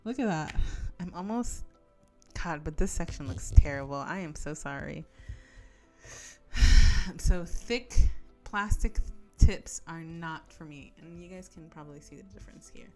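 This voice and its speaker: A young woman chats while she crafts at home, her voice slightly low. She rambles, laughs often and drifts between topics. Faint music plays underneath. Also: measured pace, a little mellow. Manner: giggly, rambling storyteller. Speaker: crafting channel host. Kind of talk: casual chat while crafting.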